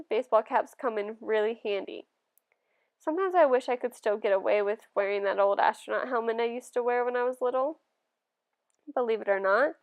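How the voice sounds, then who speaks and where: A woman reads a first-person novel aloud in a gentle, steady way. Her voice sits somewhat high with a gravelly, creaky edge. The telling stays calm and even. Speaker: audiobook reader.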